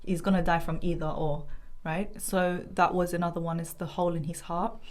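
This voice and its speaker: A young woman tells a painful family story on a podcast. Her voice sits a little low for a woman. She talks in long, earnest, winding runs full of fillers. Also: little pitch movement, a little fast, darkish tone. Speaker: guest. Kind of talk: emotional personal testimony.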